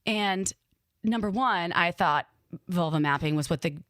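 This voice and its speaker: A woman in her thirties co-hosting a podcast, talking in a frank, animated way that swings up and down in pitch. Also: measured pace, dry recording. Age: 30s. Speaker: podcast co-host. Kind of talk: candid casual chat.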